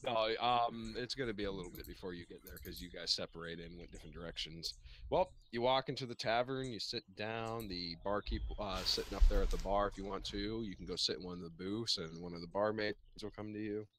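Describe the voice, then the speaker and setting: A man narrates a tabletop game as game master, pausing often with fillers and laughing as he goes. His voice sits a little low but sounds bright and forceful. Faint background noise runs under the recording. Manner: hesitant, laughs while narrating, many fillers.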